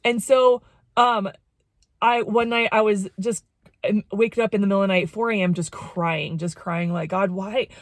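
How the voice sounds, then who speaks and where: Woman vlogger, emotional testimony, rambling and repetitive delivery, mid pitch, dry close mic. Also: fairly even intonation, normal speed, dry recording. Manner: rambling, repeats phrases, many "like"s. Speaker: jewelry vlogger and former missionary.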